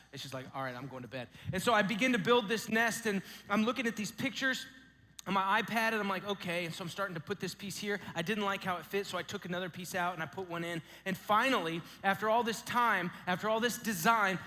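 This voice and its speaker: Guy preaching at a youth camp, bright tense voice, telling stories, echoey hall. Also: on the high side. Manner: storytelling, animated, dramatic pauses. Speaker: camp speaker.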